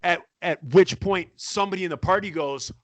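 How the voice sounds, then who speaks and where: Bright-voiced man telling a story. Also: high-pitched, fairly quick, dry recording. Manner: animated, acts out quotes with laughter. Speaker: podcast guest storyteller. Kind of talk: casual storytelling.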